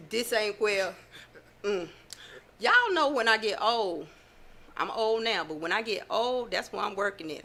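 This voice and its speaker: A woman's voice: on the low side, sharp tone. A middle-aged woman, chatting casually with her followers in a down-to-earth way, full of fillers and laughter. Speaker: host.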